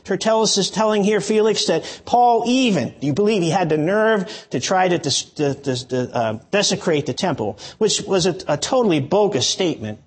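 Male pastor, husky high voice, verse-by-verse sermon delivery with emphatic restarts. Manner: expository preaching with frequent restarts and emphatic asides.

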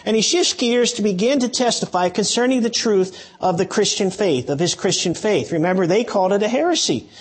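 A man preaching an expository sermon in a fairly high, husky voice. He walks his listeners through the passage verse by verse, stumbling and restarting as he presses his points. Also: expressive, fairly quick, few pauses. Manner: expository preaching with frequent restarts and emphatic asides. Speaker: pastor.

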